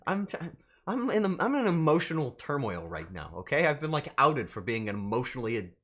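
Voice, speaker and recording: A man's voice: medium pitch, sing-song, brisk, fairly bright tone. A male streamer in casual live-stream chat, flustered and swearing as he banters with his chat.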